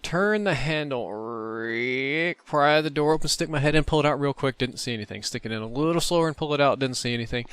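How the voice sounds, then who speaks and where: A man host telling a dream story over gameplay in an animated, profane way. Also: on the high side, quick pace, hardly any pauses, clear, resonant tone, no room sound. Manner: animated, profane, vivid retelling. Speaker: gaming channel host.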